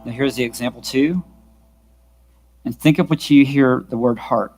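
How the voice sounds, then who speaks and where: A worship music instructor leads a vocal workshop for a church worship team, patiently and frequently checking that everyone is keeping up, with his own guitar in the background. His mid-range voice is slightly mellow, with fairly even intonation and a normal speed.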